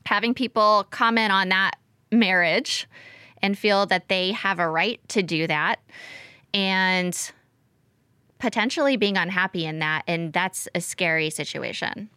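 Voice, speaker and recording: A woman's voice: mid-range voice, measured pace, bright, forceful tone, clear, resonant tone, no echo. A woman co-hosting a casual podcast chat, chatty and laughing lightly mid-sentence. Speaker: podcast co-host.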